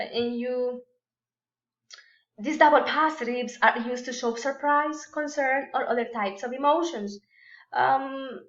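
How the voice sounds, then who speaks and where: Slow, deliberate woman teaching grammar. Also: on the high side, fairly bright tone, roomy sound, dull audio. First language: Spanish. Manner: slow and deliberate, many fillers and restarts, models example sentences. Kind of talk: recorded remote lecture.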